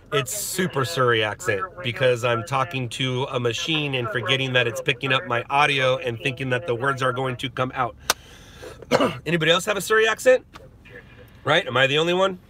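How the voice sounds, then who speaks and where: A man's voice: mid-range voice, fairly quick, a crowd in the background. A middle-aged man from Southern California hosting a casual live stream, chatting and laughing as he answers viewers. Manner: rambling, chatty, laughs often. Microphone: phone.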